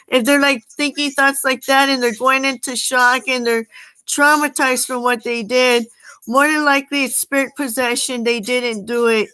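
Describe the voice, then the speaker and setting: A woman with a fairly high, bright and sharp voice talks straight to the listener without a script. She rambles and halts, trails off, restarts and corrects herself as she goes. Her delivery stays loose and conversational throughout. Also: steady tone, poor audio. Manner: rambling, halting, with many fillers and restarts. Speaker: channel host. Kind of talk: unscripted spoken monologue.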